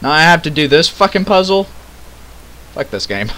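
A man's voice: on the high side, normal speed. A tired young man casually chatting and swearing as he records a game playthrough. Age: young adult. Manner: excitable, swears and laughs a lot. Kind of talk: casual let's-play chat.

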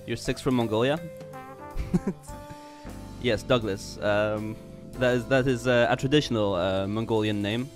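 A young man streaming a game, chatting loosely and joking at his own expense, often stumbling and restarting his words. His pitch is in an ordinary middle range, with soft jazz music playing faintly behind him. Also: fairly even intonation, unhurried. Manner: goofy, rambling, self-mocking, stammering restarts. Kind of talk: casual game livestream chat.

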